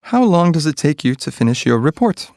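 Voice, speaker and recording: Measured man reading practice sentences. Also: a little high, no echo, studio quality. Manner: clear, even, measured delivery of single sentences.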